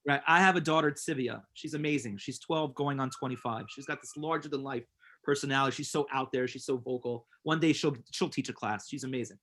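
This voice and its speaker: A man's voice: medium pitch, brisk, a bit bright, a little hiss or hum. A man teaching a class as a rabbi, earnest and emphatic, telling personal stories and repeating words for stress. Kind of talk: inspirational class with storytelling.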